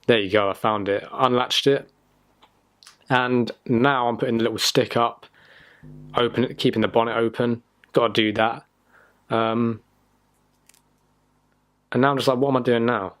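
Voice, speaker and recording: A man's voice: medium pitch, fairly even intonation, measured pace, pauses often, a bit bright, no echo. A young man from the United Kingdom, chatting casually and self-deprecatingly in a vlog, rambling with fillers. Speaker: vlogger. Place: in a car and outdoors by a house.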